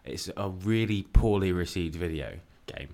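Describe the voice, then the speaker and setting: A man in casual podcast chat, joking and trailing off into quieter mumbled asides. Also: deep voice, animated, normal speed, gravelly.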